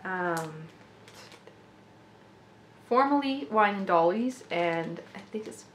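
Excitable woman gushing in an echoey room. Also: medium pitch, slow. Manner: gushing, excitable, laughs often. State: slightly rough throat. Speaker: doll collector vlogger. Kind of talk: casual unboxing vlog. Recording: echoey room with faint noise.

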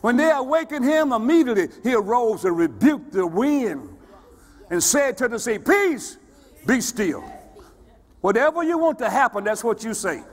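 High-voiced preaching man, echoing church. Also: sing-song, moderate pace. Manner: preaching with rising shouts and call-and-response questions. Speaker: pastor. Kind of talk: sermon. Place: church sanctuary. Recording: long church reverb.

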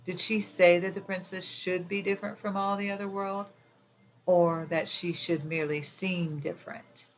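A woman's voice: on the low side, steady tone, normal speed, muffled recording, a little hiss or hum, natural voice. A woman reading the lines of a young fairy prince in a storybook, eager and exclaiming. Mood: urgent.

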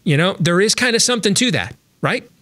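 A man's voice: sits high, lively intonation, brisk, bright, forceful tone, no echo. A man hosting a sports talk show, chatting casually about baseball with lots of fillers and restarts.

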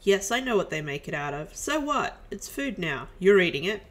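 A woman's voice: mid-range voice, sing-song, moderate pace, lightly acted. A woman reading the lines of an irritable spaceship crew member who snaps back. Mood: annoyed. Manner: annoyed, snappish.

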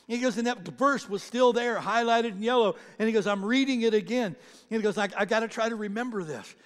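A male pastor with a high, light voice tells stories from the pulpit. He retells other people's words, stumbling over restarts as he goes. His voice rings out into a long church reverb. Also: brisk. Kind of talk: sermon. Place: church sanctuary.

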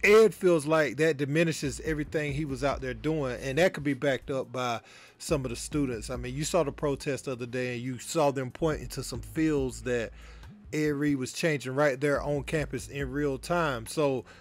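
A man hosting a casual commentary show, calmly explaining a clip to his viewers. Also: medium pitch, moderate pace. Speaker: commentary host.

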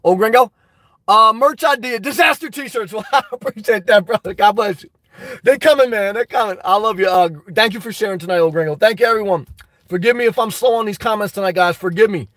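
Man, live stream host, very high-pitched voice, dry close sound, emphatic and worked up. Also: brisk, fairly bright tone, dry recording. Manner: emphatic, fired up, preachy. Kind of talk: live stream chat, reading viewer comments.

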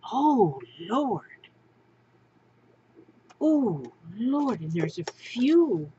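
A woman's voice: medium pitch, dull audio, slight background noise. A woman crafting vlogger doing an unboxing show-and-tell, gushing and exclaiming, often repeating her words.

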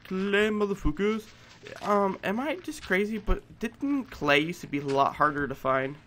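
A man giving let's play commentary, excitable and profane, shouting at game monsters. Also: sits high, moderate pace, slight background noise. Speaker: gameplay commentator.

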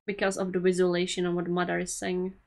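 A woman's voice: lowish voice, monotone, fast, creaky, a little mellow. A woman hosting an anime reaction, talking casually and emotionally to the screen and laughing often.

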